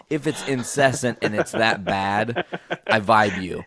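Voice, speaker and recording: A man's voice: medium pitch, expressive, moderate pace, fairly bright tone. A man hosting a podcast in casual chat, swearing freely and confidently giving advice. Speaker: podcast host.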